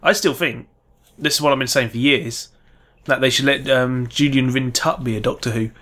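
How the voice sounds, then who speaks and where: A man's voice: medium pitch, steady tone, normal speed, fairly bright tone. A man in casual podcast chat, enthusiastic and swearing freely as he goes off on tangents. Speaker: podcast co-host.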